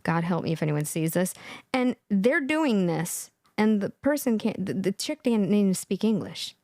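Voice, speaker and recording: A woman's voice: mid-range voice, very animated, normal speed, dark tone, dry recording, studio quality. A woman hosting a live stream and giving reaction commentary, laughing often, repeating herself, incredulous.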